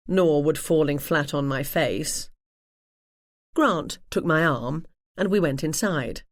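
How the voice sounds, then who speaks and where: A woman audiobook narrator reading a first-person mystery in a wry, measured manner. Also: sits low, darkish tone, no room sound, studio quality.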